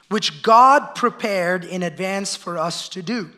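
Male pastor, very high and sharp-toned voice, energetic sermon with call-and-response to the congregation. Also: slow pace, few pauses. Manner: acts out the voices of complainers. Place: church sanctuary.

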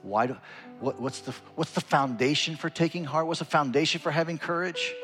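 A man's voice: brisk, music in the background. A male pastor preaching a sermon in an earnest way, voice rising and falling widely. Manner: earnest preaching with wide swings in pitch and loudness.

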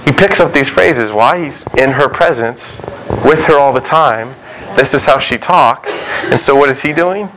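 A man's voice: mid-range voice, measured pace, noisy background. A young adult male pastor preaching a sermon in a conversational way, acting out quotes and dialogue.

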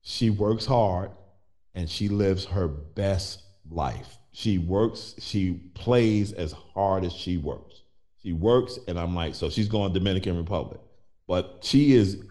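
Middle-aged man, host, animated storyteller who acts out quotes; low, mellow voice. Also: a little slow. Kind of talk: personal storytelling in conversation.

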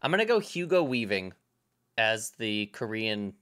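A man's voice: lowish voice, very animated, unhurried, fairly bright tone, clean tone. A man in casual film-review chat, talking in rambling stops and restarts and swearing now and then. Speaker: podcast co-host.

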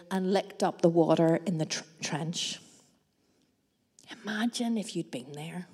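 A woman preaching a sermon, mixing scripture with personal stories in a measured, reflective way with dramatic pauses. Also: medium pitch, darkish tone. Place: church hall. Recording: long reverb of a large hall.

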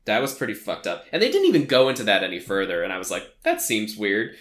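A young man with a bright, forward voice who talks through a movie plot in a loose, rambling way, leaning on "like" and "um." He sounds like a casual podcast host. His voice rings back off the walls of an echoey room. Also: fairly low pitch, wildly swooping pitch, fast. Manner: rambling, filler-heavy storytelling, frequent "like".

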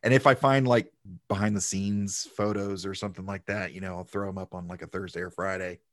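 A man's voice: deep voice, fairly even intonation, fairly quick, no echo, studio quality. A man hosting a podcast in casual, upbeat chat, laughing often. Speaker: podcast host.

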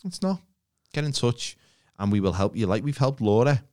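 Lively-pitched man bantering. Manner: bantering, swears freely, quick asides. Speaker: comedian and podcast co-host. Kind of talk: casual comedic banter.

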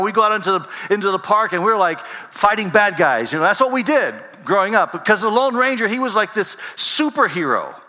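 A man's voice: high-pitched, bright, forceful tone. A middle-aged man from Panama, a native Spanish speaker, preaching a sermon as a pastor in a conversational, storytelling way, often repeating and restarting phrases. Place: church. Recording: reverberant church sanctuary.

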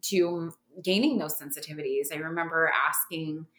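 A woman guest on a podcast, telling her story in an animated way, laughing and acting out the voices of the people in it. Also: sits low, moderate pace. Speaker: podcast guest, massage therapist. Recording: roomy echo.

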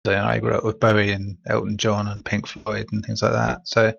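A man with a low, gravelly and husky voice chats easily as a podcast co-host. His mic sounds dull and lo-fi, with a dry, close sound. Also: completely flat delivery, brisk, no room sound. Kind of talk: casual podcast chat.

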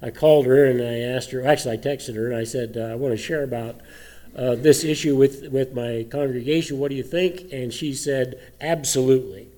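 A man, a pastor, preaching a conversational sermon with many fillers and restarts, his throat a little rough and choked up. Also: mid-range voice, steady tone, a little fast, dark tone. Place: church sanctuary.

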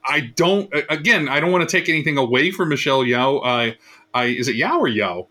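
A man's voice: on the high side, a little fast, sharp tone. A man on a casual panel discussion, called professor, thinking aloud and hedging his picks.

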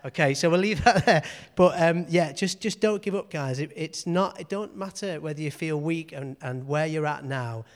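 Earnest sounding guy preaching to a small church room, clear voice, keeps saying okay. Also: a little high, moderate pace, few pauses. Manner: earnest, repeats phrases, frequent "okay". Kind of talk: informal sermon.

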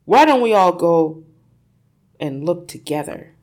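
A woman voicing a timid, nervous middle-aged father who speaks slowly and hesitantly. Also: lowish voice, lively intonation, darkish tone.

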